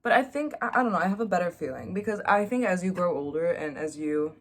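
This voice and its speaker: Young woman vlogger with a slightly low voice, candid and self-mocking, casual confessional delivery. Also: lively intonation, fast.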